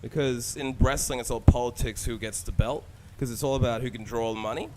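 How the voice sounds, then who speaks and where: A man's voice: medium pitch, steady tone, brisk. Man, Australian accent with a slight American edge, game streamer, rambling casual chat, frequent swearing, faint background hiss. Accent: Australian with a slight American tint. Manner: rambling, swears freely, jumps between tangents. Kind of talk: casual chat while gaming.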